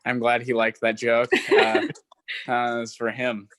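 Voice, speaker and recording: A man of twenty performing a stand-up set, self-deprecating and halting, with lots of fillers. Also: mid-range voice, monotone, background noise. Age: 20s. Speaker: stand-up comic. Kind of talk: stand-up set over a video call.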